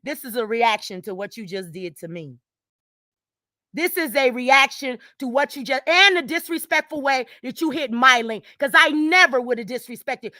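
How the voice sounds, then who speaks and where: A woman hosting her channel, ranting angrily at someone. She repeats herself, swears, and swings from low muttering to shouting. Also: normal speed, dry recording, clean studio sound. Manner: swears freely, addresses viewers directly. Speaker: channel host. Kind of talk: heated direct-to-camera rant.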